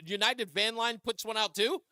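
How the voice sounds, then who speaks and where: A man's voice: sits high, steady tone, normal speed, bright, forceful tone, dry recording. A man hosting a talk radio show, joking and emphatic as he takes calls on a studio microphone. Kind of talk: talk radio monologue and call-in.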